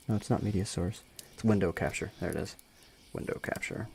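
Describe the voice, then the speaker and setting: A man's voice: mid-range voice, moderate pace, warm tone, slight background noise. A young man with a dry throat reading a story aloud on a live stream, chatty and joking between passages. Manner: casual, joking, chatty asides.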